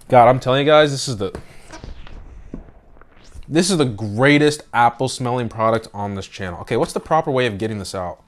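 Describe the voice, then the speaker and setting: A man doing a casual late-night unboxing at home. He is slightly out of breath and swings between quiet asides and loud excited exclamations. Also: on the low side, moderate pace, long pauses. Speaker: tech unboxing vlogger.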